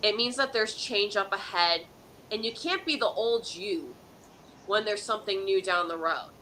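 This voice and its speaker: A woman hosts a live psychic advice stream in a mid-range, pushed, bright voice with lively intonation at a moderate pace. She preaches emphatically, often checking in with "okay?", using dramatic countdowns and repetitive pep talk. The audio is poor, with a little hiss or hum.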